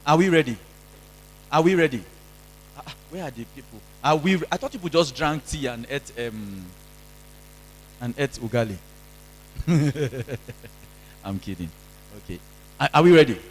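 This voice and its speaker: A man's voice: a little high, animated, moderate pace, pauses often. A male pastor from Kenya preaching at a youth seminar, exhorting the audience and having them repeat lines after him. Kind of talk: youth seminar sermon with call-and-response. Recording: long reverb of a large hall.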